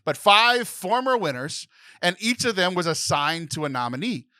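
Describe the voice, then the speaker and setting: A man's voice: sits high, sing-song, moderate pace, sharp tone, no room sound. A young man co-hosting a podcast in casual chat, emotional and close to tears, rambling with many restarts. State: tearful. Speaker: podcast co-host.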